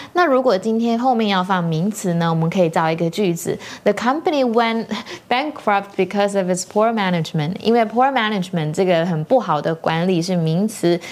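Woman teacher, quick grammar tips for learners, keeps asking ok?. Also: medium pitch. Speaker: co-host teacher. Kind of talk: bilingual grammar explanation.

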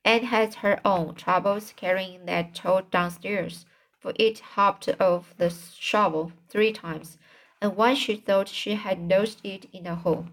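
Woman, amateur audiobook reader, steady narration, occasional restarts, mid-pitched voice. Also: slow.

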